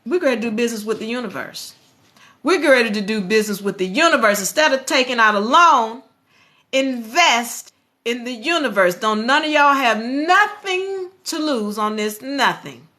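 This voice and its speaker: A woman hosting a motivational live stream, talking in an animated, preachy way and speaking straight to her viewers. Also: a little high, normal speed.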